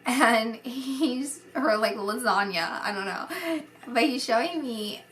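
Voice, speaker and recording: Slow, bright-voiced woman giving a reading. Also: a little high, slight background noise. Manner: rambling and hesitant, filled with fillers and light laughter. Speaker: psychic medium. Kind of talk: casual spoken psychic reading.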